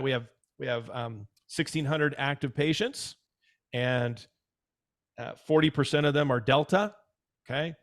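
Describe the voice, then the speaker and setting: A dental practice consultant offers casual advice in a middle-pitched voice. He speaks emphatically, repeats himself for stress, and often acts out what his clients say.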